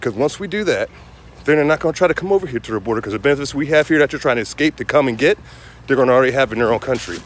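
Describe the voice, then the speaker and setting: A man's voice: medium pitch, lively intonation, rapid-fire. A young man hosting his own show, ranting heatedly about politics outdoors on a windy day, rambling and repeating himself. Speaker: show host. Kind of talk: outdoor political rant to viewers. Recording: wind noise outdoors.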